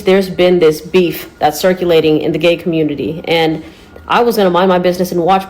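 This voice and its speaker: A woman's voice: mid-range voice, darkish tone, poor audio. A woman ranting bluntly to the camera, exasperated and swearing freely. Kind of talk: casual rant to camera.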